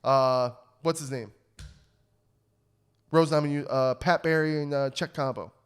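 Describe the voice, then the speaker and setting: A man's voice: a little high, steady tone, measured pace, smooth. A young man co-hosting a podcast in casual chat, fired-up and swearing freely as he rants. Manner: profane, fired-up ranting. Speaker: podcast co-host.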